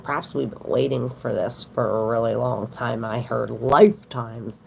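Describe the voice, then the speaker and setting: A woman's voice: rumbling low, fairly even intonation, normal speed, gravelly, darkish tone, a little hiss or hum. A woman giving a casual tarot reading on a livestream, chatting straight to her viewers with plenty of fillers.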